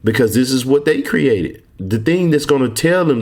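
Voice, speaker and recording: A man's voice: mid-range voice, expressive, moderate pace, hardly any pauses, darkish tone. A man from Texas casually walking viewers through a form, confident and emphatic, often repeating himself. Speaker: online course mentor. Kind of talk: casual screen walkthrough lesson.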